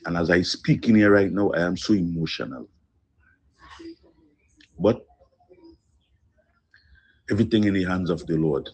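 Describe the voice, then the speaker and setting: A man leaving a phone voice note of condolence, slow, heavy and earnest, with pauses. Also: deep voice, a little mellow, husky. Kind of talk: emotional condolence message.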